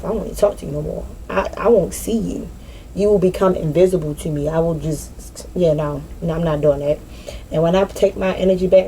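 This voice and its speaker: A woman speaking off the cuff in a blunt, streetwise way, swearing freely as she talks things through. Her voice sits a little low and mellow. A faint outdoor hush sits behind her. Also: slight background noise, rough recording. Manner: blunt, profane, streetwise slang. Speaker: spiritual vlogger. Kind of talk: casual unscripted monologue. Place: outdoors in nature.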